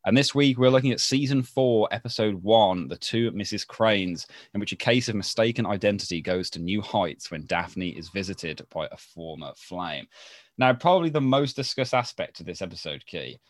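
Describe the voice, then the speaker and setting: Brummie guy cohosting a podcast, lowish voice, dry close mic, chatty. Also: animated, no echo. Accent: Birmingham. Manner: chatty, with quick asides and laughs. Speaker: podcast co-host. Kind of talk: casual chat.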